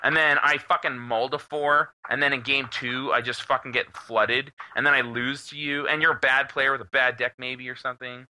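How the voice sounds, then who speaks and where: A young man co-hosting a podcast, telling a story in a casual, animated way with plenty of swearing. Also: medium pitch, moderate pace, hardly any pauses. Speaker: podcast co-host. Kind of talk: casual chat.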